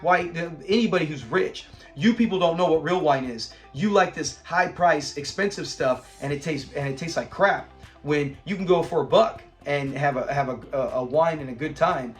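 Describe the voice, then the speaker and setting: A man hosting a casual episode review, retelling scenes with lively acted-out lines and frequent laughs. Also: on the high side. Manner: animated retelling, acts out the characters' lines, laughs often.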